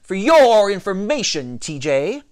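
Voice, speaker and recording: An anxious, indignant young boy from a storybook who protests everything in a whiny voice, played by a man reading aloud. His pitch jumps around wildly. The recording is dry. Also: animated, moderate pace, no room sound, close to an everyday voice. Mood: defiant.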